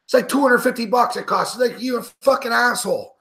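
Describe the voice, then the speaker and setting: A male sports betting host swearing and yelling at players during a game, then ranting at his viewers. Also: extremely high pitch, fairly quick. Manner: angry, profane outbursts and shouting at the players; sarcastic, lecturing rant at viewers. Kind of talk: live reaction rant while watching a game.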